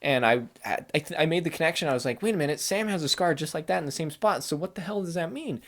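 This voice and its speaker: Rambling, excitable man chatting casually. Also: fairly high pitch, quick pace. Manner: rambling and excitable, heavy use of "like" and "kinda". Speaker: gaming channel host. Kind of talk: casual spoiler chat about a video game.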